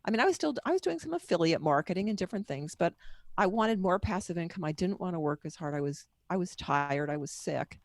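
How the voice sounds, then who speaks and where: A middle-aged woman guest speaks candidly and at length, her voice gravelly with plenty of fry. The sound is close and dry, with no room echo at all. Her storytelling is personal and wanders from point to point. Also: lowish voice, expressive, fast talker. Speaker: guest author and book marketing coach. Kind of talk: candid podcast interview storytelling.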